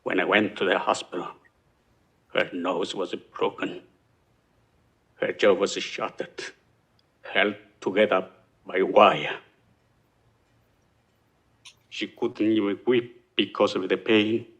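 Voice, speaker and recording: An actor with an Italian accent playing a grieving immigrant father seeking justice, speaking in a measured, solemn way, from a film soundtrack. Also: fairly low pitch, fairly even intonation, fairly bright tone, breathy edge, full character voice. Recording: film soundtrack played in a podcast.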